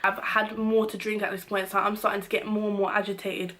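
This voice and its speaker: A young woman, telling a storytime vlog in an animated, slangy, exasperated way. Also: medium pitch, fast. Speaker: vlogger.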